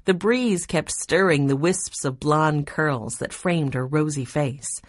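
Audiobook narrator: woman, low voice, dry close read. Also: slow, no room sound.

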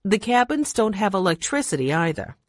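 A woman reading an audiobook voices a cheerful woman who owns a mountain lodge and chats warmly. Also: medium pitch, big pitch swings, a little fast, no echo, studio quality. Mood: friendly. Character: friendly woman lodge owner, cheerful and mysterious.

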